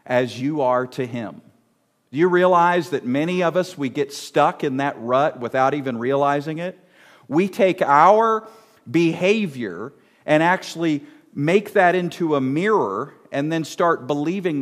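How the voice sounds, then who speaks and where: A middle-aged male pastor delivers a sermon at a slow, measured pace. His voice sits on the higher side for a man. He keeps turning to the congregation with direct questions. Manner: asks the audience many direct questions.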